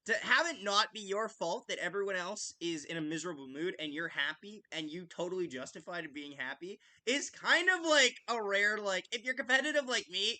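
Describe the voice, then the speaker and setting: Man, podcast host, high voice, very bright, casual live commentary, ranting, swearing, lots of fillers. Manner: ranting, impassioned, frequent "like" fillers and restarts.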